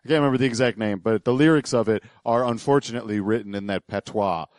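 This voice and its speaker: A man's voice: lowish voice, quick pace, no room sound. A man hosting a podcast, explaining clips in a digressive, hesitant way. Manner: digressive, hesitant, lots of uhs and restarts. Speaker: podcast host. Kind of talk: casual podcast commentary.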